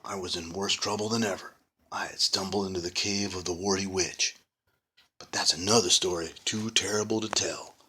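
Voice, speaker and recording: A man's voice: deep voice, fairly even intonation, normal speed, bright, forceful tone, husky. A man reading a children's ghost story aloud, adding playful casual asides. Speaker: reader of a children's book.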